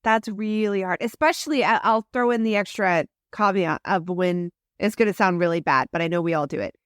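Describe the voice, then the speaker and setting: A woman co-hosting a casual parenting podcast, reacting quickly and laughing easily, on a close mic. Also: mid-range voice, dry recording. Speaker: podcast co-host.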